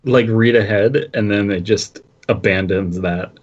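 A man's voice: fairly low pitch, measured pace, dull audio. A man co-hosting a casual comedy podcast, rambling loosely and joking as he talks. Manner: rambling, laughs between jokes. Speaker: podcast co-host.

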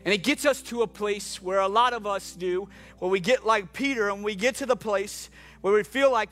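Impassioned high-voiced male pastor. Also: moderate pace, soft background music. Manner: impassioned, swings from hushed to urgent pleading. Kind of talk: sermon.

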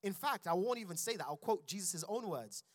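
A man's voice: high-pitched, expressive, brisk, dry recording, clean studio sound. A man preaching a sermon in church, building intensity and calling out to his congregation. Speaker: pastor.

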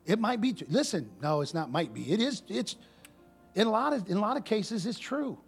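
A man preaching a sermon to a congregation, animated and full of rhetorical questions, in casual everyday speech. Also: sits high, a little fast, gravelly, husky, soft background music. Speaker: pastor.

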